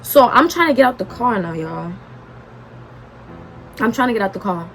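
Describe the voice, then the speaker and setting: Animated young woman telling a storytime. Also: on the high side, moderate pace, slight background noise. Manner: animated, dramatic retelling with quoted dialogue. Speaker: vlogger. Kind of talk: storytime vlog.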